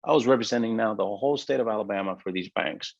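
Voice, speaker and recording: Man, interview guest, gravelly voice, halting and emotional, many fillers, dull lo-fi sound. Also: on the low side, no room sound. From United States. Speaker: interview guest, business owner. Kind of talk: personal story in an interview.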